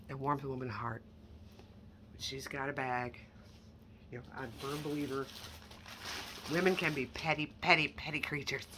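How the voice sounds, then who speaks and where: A woman's voice: very deep voice, steady tone, normal speed, pauses often, pushed and bright, a little hiss or hum. A woman chatting casually and candidly as she shows handbags for sale, with self-deprecating asides. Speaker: online handbag reseller. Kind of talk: casual product showcase vlog.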